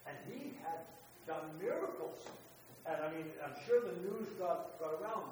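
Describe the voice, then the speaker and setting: Older man, high-pitched, informal Bible teaching, animated, very echoey distant sound, faint background noise. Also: moderate pace. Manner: animated, questions the listeners, reads scripture aloud.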